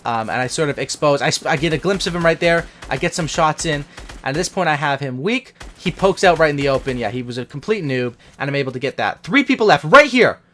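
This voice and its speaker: A young man with a fairly high voice walks through his own match in post-game commentary, casual and excited. He talks like a gaming channel host to his viewers, hyped about every play. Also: fast talker, slight background noise. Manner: hyped, casual gamer talk.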